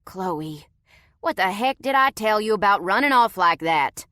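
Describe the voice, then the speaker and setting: A woman's voice: medium pitch, expressive, measured pace, pushed and bright, dry recording, clean studio sound. A woman doing a drawling Southern young man. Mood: scolding. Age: 20s. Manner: exasperated, scolding a child.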